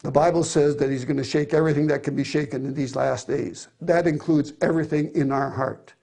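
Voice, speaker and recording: A man's voice: a little high, steady tone, a little fast, creaky, darkish tone. A middle-aged man preaching a sermon, reading scripture with earnest emphasis.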